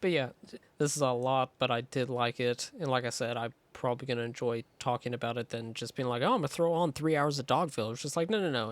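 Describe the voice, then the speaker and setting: A man's voice: mid-range voice, fairly bright tone, no room sound. A man co-hosting a casual film podcast, talking in a loose, rambling, profane way with lots of fillers. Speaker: podcast co-host.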